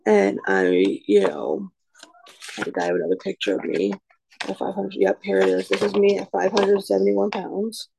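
A woman's voice: mid-range voice, animated, normal speed, vocal fry, warm tone, a little hiss or hum, rough recording. A woman in her twenties gives a candid personal testimony in a frank, self-deprecating way, rambling with lots of "you know" and "um". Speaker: recovery speaker sharing her story.

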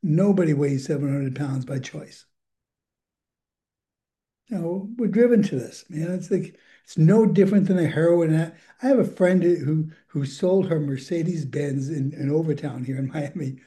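Older male recovery speaker, very mellow dark tone, slightly high pitch, candid and rambling. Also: normal speed. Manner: candid, rambling, chuckles often. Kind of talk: personal recovery share.

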